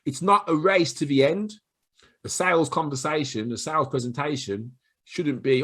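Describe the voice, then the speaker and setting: A middle-aged man with a Black Country accent giving chatty sales advice to camera, now and then acting out quick voices of callers and of himself. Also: mid-range voice, fairly bright tone. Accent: Black Country English. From Black Country, England. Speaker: sales trainer.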